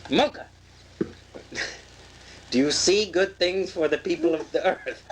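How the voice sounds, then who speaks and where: An actress playing a giggly, theatrical trance medium who coaxes a spirit to speak in a comic séance. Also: female voice, on the low side, a little slow, slight background noise, close to an everyday voice, rough recording. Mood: coaxing. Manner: animated, giggling, coaxing.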